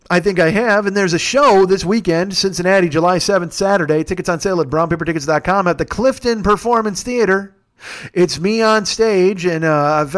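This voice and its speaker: A man with a slightly high voice rambles through a comedic podcast monologue. He talks casually and sarcastically, swears freely, and often stops to correct himself. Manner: profane, rambling, sarcastic storytelling. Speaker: podcast host. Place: rented home, recording on travel.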